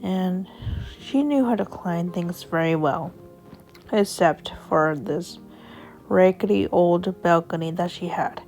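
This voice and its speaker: Slow, gravelly woman telling a story. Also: fairly low pitch, a little mellow, faint music behind. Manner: unhurried, plain storytelling. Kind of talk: storytelling narration.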